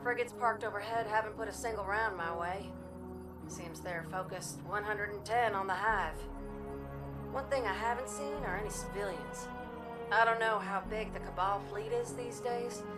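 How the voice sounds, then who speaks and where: A woman's voice: medium pitch, lightly acted. Amanda Holliday, a woman playing a sweet-drawling Southern pilot. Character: folksy female shipwright pilot, frank and sympathetic. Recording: game audio with music, heard from a distance.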